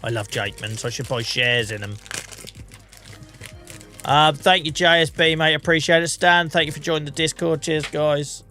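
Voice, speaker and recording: An English man rambles through a casual game livestream, poking fun at himself as he goes. He is under the weather and coughing, and his voice has a bright, forceful edge. Soft music plays faintly behind him. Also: a little high, normal speed. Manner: chatty, rambling, self-mocking. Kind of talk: casual gameplay commentary.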